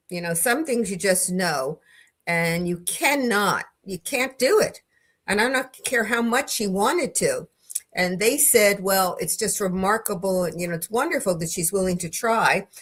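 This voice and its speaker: An older woman hosting a legal commentary livestream, telling a story in a chatty, opinionated way with frequent restarts. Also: medium pitch.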